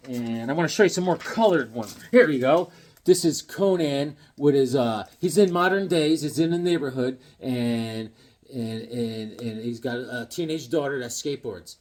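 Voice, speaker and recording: A man in his fifties chats to camera at an unhurried pace about the comics he collects and the pictures he has drawn. His voice is mid-range, and he rambles and jokes, slipping into silly voices.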